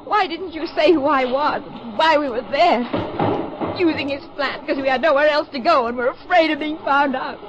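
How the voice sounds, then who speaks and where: A woman's voice: medium pitch, animated, normal speed, natural voice. An actress playing a troubled married woman in a secret love affair, in refined, emotional 1950s radio drama style. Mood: anguished. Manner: earnest, emotional, refined delivery. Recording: dull vintage radio recording with music.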